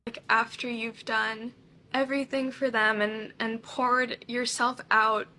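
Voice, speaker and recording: A woman's voice: on the high side, little pitch movement, unhurried, sharp tone. A woman casually recounting a personal experience, chatty and full of "like". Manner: chatty, says "like" often.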